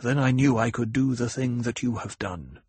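A man voicing a weak but steady young visionary in an audiobook reading. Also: mid-range voice, normal speed, husky, no room sound, close to an everyday voice. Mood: weary.

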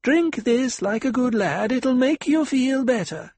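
A man's voice: sits high, big pitch swings, measured pace, a little mellow, slightly rough, no room sound, pitched above the performer's own voice, full character voice. A man voicing a reasonable, worried male court doctor who speaks soothingly.

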